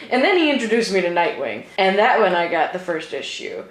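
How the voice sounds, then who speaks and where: A woman's voice: fairly low pitch, wildly swooping pitch, brisk, few pauses. A woman in her thirties co-hosting a casual podcast, chatty and laughing, with lots of swearing. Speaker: podcast co-host. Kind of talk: casual chat. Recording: echoey room with faint noise.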